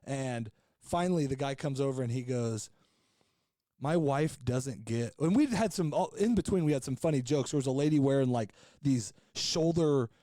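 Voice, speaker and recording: Rambling mellow-voiced man telling a story. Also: mid-range voice, no room sound, clean studio sound. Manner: rambling, loose, with many fillers and restarts; jokey and frank. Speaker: podcast co-host. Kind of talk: casual storytelling chat.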